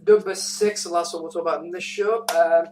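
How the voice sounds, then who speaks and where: Higher-voiced man hosting a casual list. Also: fairly even intonation, fairly quick, a little mellow, roomy sound. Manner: runs the list, brief agreeing replies. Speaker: podcast host. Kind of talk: casual chat. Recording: distant mic with faint hum.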